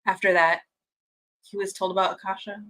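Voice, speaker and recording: At normal speed and medium pitch, a bright-voiced woman hosts a fan watch-party livestream, chatting casually and reading comments from viewers. Gushing and excitable, she laughs often and restarts mid-sentence. It's a rough recording.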